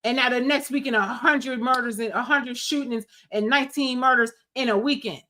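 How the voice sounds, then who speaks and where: Speaking at a moderate pace in a slightly high, sharp-toned voice, this woman streamer rants about politics. Her commentary is angry, scolding and emphatic.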